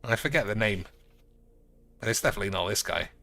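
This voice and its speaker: A man casually commenting on cards while streaming a game, sarcastic and crude, swearing often and breaking into loud outbursts. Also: on the low side, expressive, fast, gravelly.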